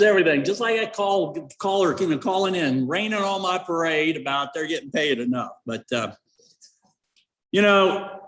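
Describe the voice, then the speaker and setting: A middle-aged man gives an award introduction at a club banquet. His voice sits a little high, and he talks in a folksy, rambling way, full of "uh" and restarts. The sound carries the echo of a large hall. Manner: folksy storyteller, many fillers and restarts. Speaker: Rotary club member giving award introduction. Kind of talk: after-dinner speech with a joke. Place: event hall.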